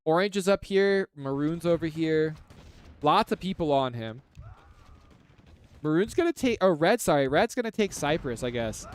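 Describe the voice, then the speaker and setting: A man's voice: on the high side, animated, normal speed, slight background noise. A man giving casual live commentary on a strategy game, chatty and analytical, with lots of filler words. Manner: chatty and analytical, heavy use of "like".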